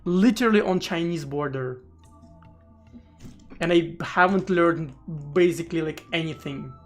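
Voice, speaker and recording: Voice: medium pitch, unhurried. A streamer chatting casually during a live coding session, rambling with stammered restarts and casual swearing, faint music behind.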